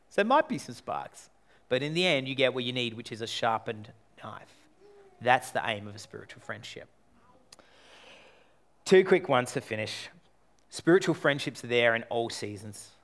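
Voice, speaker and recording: A man preaching a sermon, animated, acting out quoted voices and moving between loud lines and hushed ones. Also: medium pitch. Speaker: pastor.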